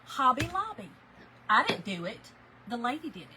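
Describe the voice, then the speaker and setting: A woman hosting a crafting livestream, chatting with viewers in an animated, storytelling way while she works. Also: on the high side, moderate pace, a crowd in the background, low-quality recording. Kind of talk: casual chat while crafting, reading viewer comments.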